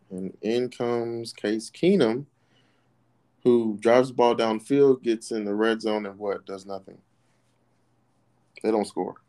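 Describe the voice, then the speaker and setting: A young man co-hosting a casual sports podcast, relaxed and agreeable as he recaps the games and chuckles along with his partner. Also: on the low side. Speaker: podcast co-host.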